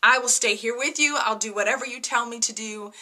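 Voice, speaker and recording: Chatty, bright-voiced young woman reviewing TV. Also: a little high, brisk. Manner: chatty and excitable, many fillers and "right?". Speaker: TV review vlogger. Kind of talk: casual TV episode review.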